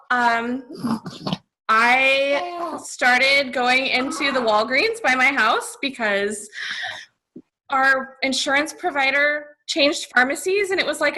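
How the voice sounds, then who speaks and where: A woman's voice: high voice, bright, forceful tone, low-quality recording. A young woman telling a story as a podcast guest, bubbly and giggly, saying "like" a lot. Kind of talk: casual storytelling.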